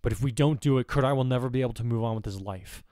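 A man voicing a weary, stern male teacher in a low, quiet tone. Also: racing, dry recording, natural voice.

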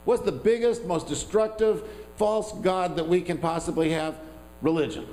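A man's voice: high voice, moderate pace, mellow, rough recording. A man preaching a sermon as pastor, talking in a conversational, self-deprecating way with asides to the congregation.

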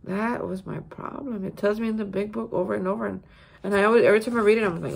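A woman's voice: mid-range voice, animated, fast talker, gravelly. A woman giving a casual spoken daily reflection on recovery from a hotel room. She talks emphatically and repeats words for stress. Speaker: recovery vlogger.

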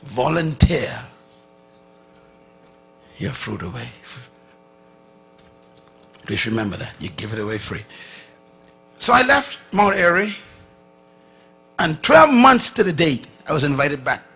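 A man preaching a sermon, telling a story with lively acted-out dialogue and sudden drops from loud to hushed. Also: fairly high pitch, gravelly, breathy edge. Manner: animated, acts out dialogue, swings from loud to hushed.

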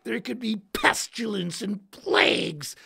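Excitable gravelly man, lively pitch. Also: takes it slowly. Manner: excitable, shouts words for emphasis; slangy, says dude and bro. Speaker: host and guitarist. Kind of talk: animated storytelling on a livestream.

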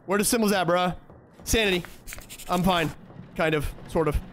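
A young man playing a horror game on stream. He trash-talks the on-screen figures in a fairly high voice and breaks into frantic yelling when startled. A faint hum of ambience sits behind him. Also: moderate pace. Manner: profane, trash-talking, jumps to frantic yelling when scared. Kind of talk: horror game let's-play commentary.

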